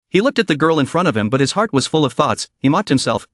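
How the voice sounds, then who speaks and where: A man narrating a comic story recap in an even, steady reading voice. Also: on the high side, fast talker, hardly any pauses, dry recording, studio quality.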